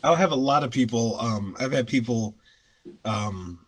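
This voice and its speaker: Man, young, neutral Northeastern American accent, podcast host, halting casual storytelling, laughs often. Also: mid-range voice, husky. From United States. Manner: halting, many restarts and fillers, laughs often. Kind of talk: casual chat.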